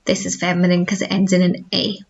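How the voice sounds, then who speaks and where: In a muffled recording, a woman with a fairly low pitch speaks briskly in a completely flat delivery. She's a Welsh-accented school language teacher giving a recorded video lesson, explaining clearly and patiently and modelling each word more than once.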